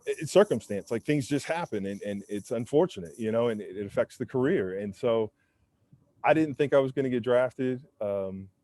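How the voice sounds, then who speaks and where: Man in his 40s, ex-football lineman guest, mellow dark tone, mid-range pitch, relaxed candid storyteller. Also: normal speed. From United States. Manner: laid-back and candid, heavy on fillers like "man" and "you know"; acts out other people's lines while telling stories. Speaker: interview guest, former pro football lineman. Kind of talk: casual storytelling interview. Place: windy rooftop, outdoors.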